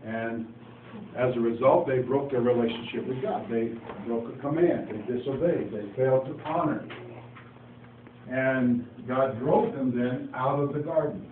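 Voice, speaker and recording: A man's voice: medium pitch, measured pace, phone-quality sound. A man giving an informal Bible teaching, telling the story in a folksy way and acting out the dialogue with asides. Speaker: preacher. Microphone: phone. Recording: echoey, distant phone recording with faint noise.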